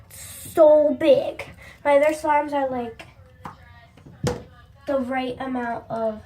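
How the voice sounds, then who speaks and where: Young woman vlogger, high voice, rambling casual chat on a phone. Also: takes it slowly, noisy background. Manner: chatty, many likes and restarts; excitable, shrieks when upset. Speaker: slime collection vlogger. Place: bathroom at home. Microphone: phone held by speaker. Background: faint YouTube video in another room.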